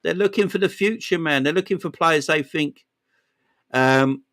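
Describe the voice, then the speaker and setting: A man's voice: fairly high pitch, normal speed, fairly bright tone. Chatty London man streaming live. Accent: London, East End. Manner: chatty, talks back to chat, repeats phrases, frequent "man" and "yeah". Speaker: football live-stream host. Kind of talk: casual live-stream chat.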